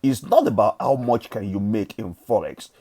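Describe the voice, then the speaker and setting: Nigerian male vlogger, fairly low warm voice, emphatic motivational preaching, casual swearing. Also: normal speed, gravelly. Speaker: forex trading vlogger. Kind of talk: motivational monologue.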